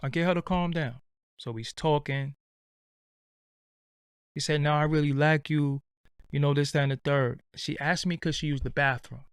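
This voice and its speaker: A man telling a casual, profane anecdote in lively street slang. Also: mid-range voice, clear, resonant tone, no echo, studio quality. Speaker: storyteller.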